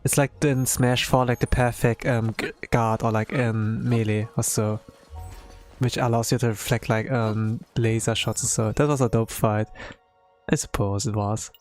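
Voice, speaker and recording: A man giving casual, rambling commentary as he plays a game, filling his talk with "like" and bursting out with excitement. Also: mid-range voice, moderate pace, soft background music. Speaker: streamer.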